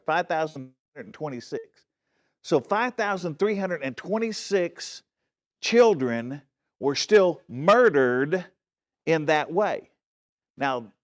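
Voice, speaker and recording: A man giving a Bible study sermon in a church. He speaks earnestly and with emphasis, often checks in with his listeners, and restarts and corrects himself as he goes. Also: fairly high pitch. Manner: frequent restarts and self-corrections. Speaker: pastor teaching a Bible study.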